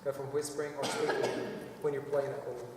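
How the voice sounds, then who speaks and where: A man's voice: medium pitch, flat delivery, fast talker, background noise. A man leading a children's choir workshop, chatty and rambling, with playful vocal demonstrations. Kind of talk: music workshop lesson. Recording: echoey hall from far off.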